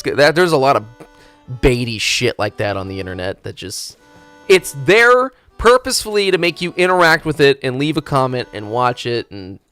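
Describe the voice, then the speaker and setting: A man live-streaming a game, ranting loudly with heavy swearing, then dropping into muttering. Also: mid-range voice. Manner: loud profane ranting; animated, swings from loud to muttering. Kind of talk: casual live-stream chat.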